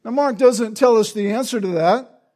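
A man's voice: sits high, moderate pace, darkish tone. A man preaching an expository sermon, explaining the text and often checking in with the listeners through tag questions.

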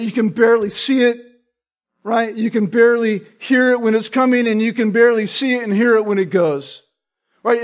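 A man preaching a sermon as pastor, explaining earnestly and often asking listeners "right?" to check in. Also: high-pitched.

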